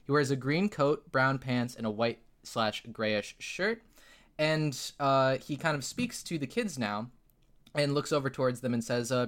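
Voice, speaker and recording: Bright-voiced male game master. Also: medium pitch, unhurried. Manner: rambling, filler-heavy narration with frequent laughs. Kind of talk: narrating a tabletop game.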